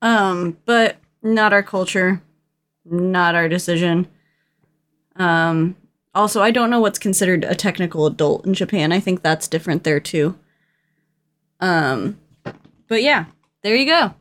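A woman's voice: fairly low pitch, unhurried, pauses often. Chatty woman podcast co-host. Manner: chatty, animated, many fillers and restarts. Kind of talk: casual movie chat.

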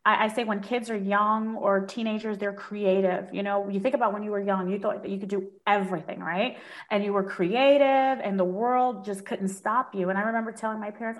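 A woman from New York, a dermatologist guest in an interview, telling her story in a lively way and laughing often. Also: medium pitch, brisk.

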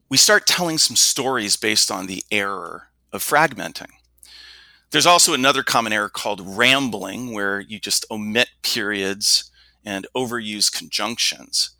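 A middle-aged man who works as a communication coach, explaining things in a measured, instructive way and demonstrating his points with his own voice. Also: fairly low pitch, creaky, sharp tone, dry recording. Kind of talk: explanatory interview talk.

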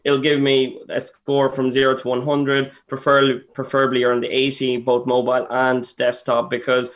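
A man, a web developer explaining search ads and website checks in a steady, businesslike way. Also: medium pitch, moderate pace.

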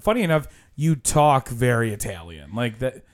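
A man hosting a podcast, chatting casually with friends, excitable, swearing and laughing a lot. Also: mid-range voice, moderate pace. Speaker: podcast host. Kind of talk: casual chat.

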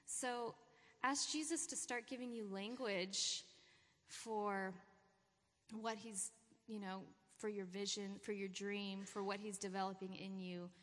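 A woman with a medium-pitched, steady voice speaks slowly, giving a casual, uplifting sermon at a church gathering. Her talk is a warm pep talk sprinkled with laughter, and the recording carries a long hall reverb.

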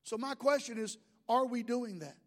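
A man's voice: very high-pitched, moderate pace. A man, a pastor, preaching a sermon with jokes and asides to the congregation.

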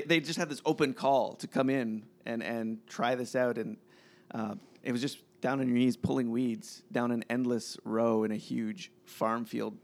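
A man, a pastor, telling a self-deprecating story on a podcast in an amused way. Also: mid-range voice. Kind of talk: casual podcast conversation.

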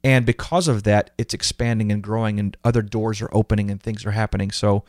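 Speaking slightly fast, a man with a fairly low-pitched voice hosts a podcast captured in clean, dry studio sound. He relates his own stories conversationally, with earnest feeling, animatedly re-enacting what others told him.

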